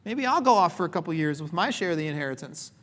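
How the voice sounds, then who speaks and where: A man's voice: fairly high pitch, expressive, fast, fairly bright tone. A man preaching, voicing a resentful older son who has always stayed loyal, in an aggrieved, pleading tone. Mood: indignant.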